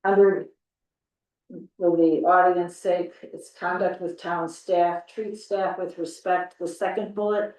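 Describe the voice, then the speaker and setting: A woman board member giving deliberate comments on the wording of a policy at a public meeting. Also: fairly low pitch, little pitch movement, darkish tone, echoey room, far from the mic, rough recording. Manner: deliberate, particular about wording.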